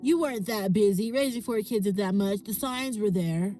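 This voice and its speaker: A woman's voice: medium pitch, mellow, soft background music, close to an everyday voice. Woman playing a smug, scolding accuser. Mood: accusing. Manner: slow, scolding interrogation.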